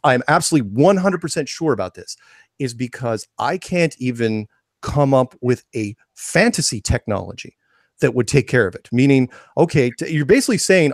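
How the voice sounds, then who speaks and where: A man's voice: medium pitch, lively intonation, moderate pace, no room sound, studio quality. A man being interviewed as a guest, talking enthusiastically in an impassioned rant, repeating and restarting phrases. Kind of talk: podcast interview.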